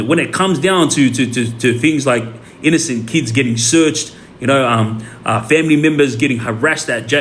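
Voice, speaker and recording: An Australian man speaks off the cuff to his livestream audience at an average pitch, looping back with "um" and doubled words as he goes. A faint hum of background noise sits under his voice. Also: fairly bright tone. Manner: rambling, many fillers and repeats. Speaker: livestream host. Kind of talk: casual livestream talk.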